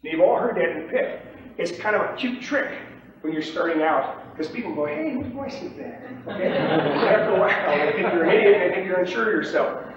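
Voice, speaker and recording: Brief: male trading instructor, emphatic and repetitive, slightly higher voice, distant mic in a very echoey room. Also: a little fast, dull audio, background noise. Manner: emphatic and repetitive, checks in with "okay?". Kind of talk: seminar lecture.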